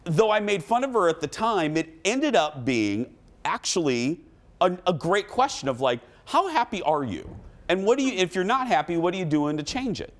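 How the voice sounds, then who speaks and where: A man hosting a talk show, telling a story in a casual, animated way and acting out what people said. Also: sits high, normal speed. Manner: animated storytelling, acts out quotes. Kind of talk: casual chat.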